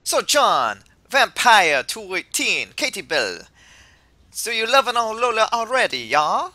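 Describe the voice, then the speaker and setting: A loud, laid-back island professor from a video game, as a man puts him on. He swings high and low with a bright, bouncy ring and keeps tossing in a friendly "yeah?". The delivery is casual and reads game text out loud. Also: sing-song, moderate pace, no room sound, exaggerated voice. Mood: breezy. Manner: breezy, loud, ends lines with "yeah?". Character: upbeat island professor, male, middle-aged, laid-back. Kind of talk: voicing game dialogue in a let's play.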